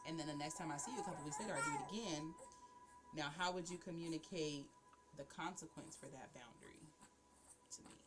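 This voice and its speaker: Female host, casual and animated, laughs easily, low-ish voice, music bed clearly audible. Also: a little fast. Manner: laughing and animated, acting out examples. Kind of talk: casual chat.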